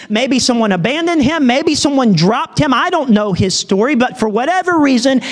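A man preaching a sermon as an animated storyteller who acts out the dialogue in his story. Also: very high voice, in a large hall.

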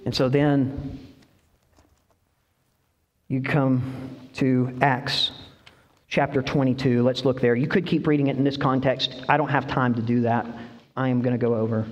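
A male pastor preaching a sermon, asking his congregation questions as he goes. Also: medium pitch. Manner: lively, quizzes the congregation with questions. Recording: long reverb, dull lo-fi sound.

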